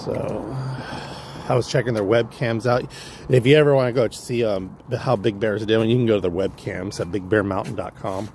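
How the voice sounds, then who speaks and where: A man's voice: lowish voice, steady tone, normal speed, a little mellow, a little hiss or hum. A man with a Californian accent, talking through a casual, rambling, profane story on his livestream vlog. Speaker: livestream vlogger.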